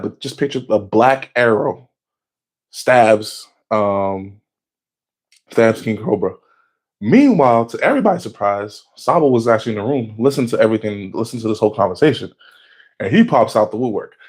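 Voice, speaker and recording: A man casually recapping anime episodes in a slangy, excitable way, swearing freely and jumping up in pitch when he gets worked up. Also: moderate pace, breathy edge. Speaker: anime reaction vlogger.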